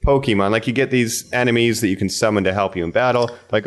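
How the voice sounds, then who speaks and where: A man's voice: lowish voice, quick pace, hardly any pauses. A man explaining things in a laid-back way, chatting casually as a co-host of a gaming talk show. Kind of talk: casual chat.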